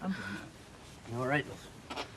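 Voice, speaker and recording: A man's voice: mid-range voice, very animated, extremely slow, background noise. An actor playing a blustering, protective middle-aged husband in a TV soap drama, anxiously soothing his wife. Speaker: worried husband and father.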